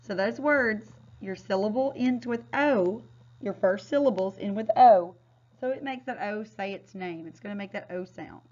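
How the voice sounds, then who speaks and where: A woman teacher leads a recorded phonics lesson at a mid pitch, sounding out words slowly and clearly so children can repeat them. The sound is slightly dull and lo-fi. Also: darkish tone, a little hiss or hum. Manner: clear, patient, drawn-out word modeling.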